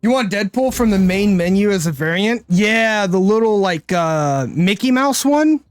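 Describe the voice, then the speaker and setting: A man's voice: sits high, lively intonation, normal speed, clean tone, no echo, clean studio sound. A man streaming a card game live, thinking aloud in casual commentary and often tagging his lines with "right?".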